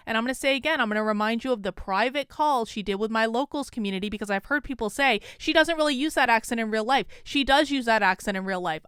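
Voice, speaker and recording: A woman's voice: a little high, a bit bright, clear, resonant tone, dry recording, studio quality. A woman from Vermont with a Vermont accent, giving indignant, emphatic video commentary on an online feud. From Vermont, USA. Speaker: commentary YouTuber.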